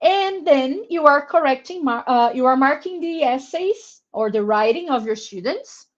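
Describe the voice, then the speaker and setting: A woman's voice: sits high, animated. A woman with a Brazilian accent leading a live online webinar for English teachers, carefully explaining pronunciation and encouraging participants by name. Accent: Brazilian Portuguese. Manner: encouraging, reads out names from chat; slow, careful word-by-word explanation. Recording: muffled lo-fi webinar audio.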